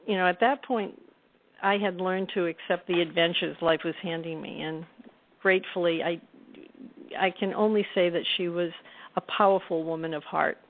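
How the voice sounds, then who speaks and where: A middle-aged woman speaks as a guest author, thoughtful and unhurried, with soft laughs. Her voice sits fairly low. It comes through a thin, phone-like line. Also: creaky. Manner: reflective, warm-toned storytelling with soft laughs. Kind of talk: conversational interview storytelling. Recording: tinny phone-line audio.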